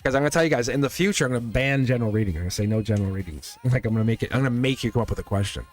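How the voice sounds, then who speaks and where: A man's voice: mid-range voice, rapid-fire, faint music behind. A man hosting a live-stream tarot reading in a loose, rambling, encouraging way, often checking in with his viewers. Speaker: tarot reader and channel host.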